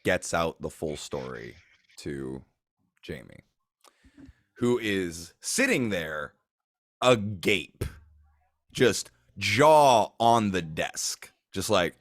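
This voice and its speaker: A man narrating a tabletop game as game master, in a relaxed, casual way with fillers. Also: deep voice, drawn-out words, long pauses, dry recording, clean studio sound.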